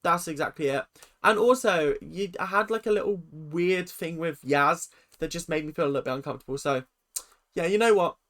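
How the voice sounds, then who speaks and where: Animated, sarcastic ranter. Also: moderate pace. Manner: animated, sarcastic, jumping pitch. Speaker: YouTube commentator. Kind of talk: ranting reality-TV ranking commentary.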